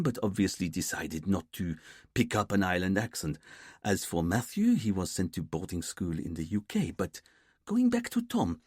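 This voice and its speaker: A man voicing a sharp, quick female detective sergeant who briefs her boss from her notes. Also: on the low side, breathy edge, no echo, studio quality.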